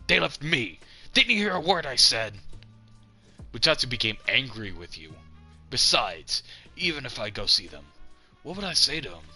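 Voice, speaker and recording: A man voicing a drunk, bitter, lonely middle-aged man while reading game dialogue aloud, slurring and gruff. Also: lowish voice, pushed and bright, full character voice. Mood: resentful. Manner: slurred, gruff delivery with rising outbursts.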